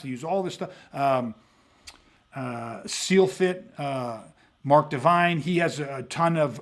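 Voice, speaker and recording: A man hosting a podcast, explaining tactical mindset techniques in an intense, profane way and acting out his reactions as he teaches. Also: a little high. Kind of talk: instructional podcast monologue.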